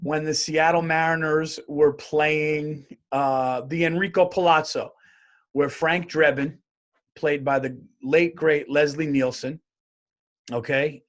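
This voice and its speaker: A male comedian talks alone into his podcast mic, swearing freely and rambling from one rant to the next. His voice sits a little high for a man, and he keeps the tone loose and conversational. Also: measured pace. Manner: profane, rambling, animated rants. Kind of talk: solo comedic monologue.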